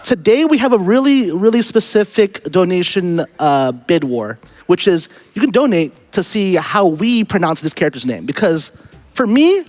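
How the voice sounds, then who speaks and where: Upbeat higher-voiced man running a game. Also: sing-song, moderate pace, darkish tone. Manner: upbeat, addresses viewers directly. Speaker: speedrunner. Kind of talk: live speedrun commentary. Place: charity marathon event stage.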